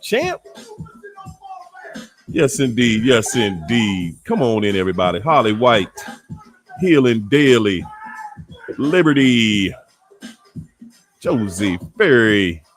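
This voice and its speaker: Host, man, DC accent, unhurried and animated, playful slang, faint music behind. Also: mid-range voice. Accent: Washington DC. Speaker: host of a live online show. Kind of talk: casual shout-outs to live viewers.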